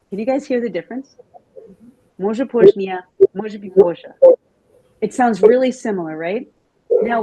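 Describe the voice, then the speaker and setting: A middle-aged woman giving a lively conference talk to educators, chatting with the audience and asking them questions. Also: medium pitch, breathy edge, dry recording, poor audio. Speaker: Montessori teacher trainer giving a talk.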